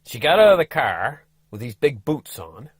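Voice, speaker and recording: A man's voice: mid-range voice, big pitch swings, normal speed, husky, dry recording. Folksy man telling a rambling story. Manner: rambling, folksy, with many restarts and asides to viewers. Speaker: travel vlogger. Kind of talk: casual storytelling.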